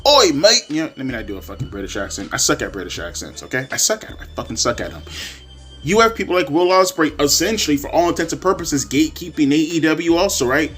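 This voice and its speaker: A man's voice: a little high, animated, fast talker, a bit bright, soft background music. A young man ranting in a wrestling commentary vlog, profane and repetitive, slipping into mocking voices. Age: young adult.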